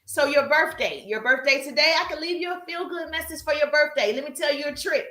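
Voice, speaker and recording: Woman live-stream coach, high bright voice, emphatic and repetitive, in an echoey room. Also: a little fast. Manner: emphatic, repetitive, calls viewers "baby" and "pretty people", acts out viewers' voices. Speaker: social media coach hosting a live stream. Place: livestream while working out.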